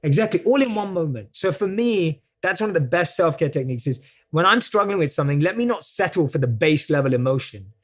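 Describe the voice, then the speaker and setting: A man's voice: fairly high pitch, lively intonation, brisk, hardly any pauses. A man with a British accent, talking earnestly in a conversational interview and explaining self-care ideas step by step. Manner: earnest, explanatory, acts out quoted self-talk. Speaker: guest coach. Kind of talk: conversational self-help talk.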